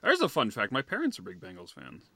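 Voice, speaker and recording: A man co-hosting a podcast in a relaxed, chatty way, with a bright, forward tone. His pitch moves a lot as he reacts and reads listener questions. The sound is dry and close. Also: fast talker, vocal fry, dry recording. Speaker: podcast co-host. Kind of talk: casual chat.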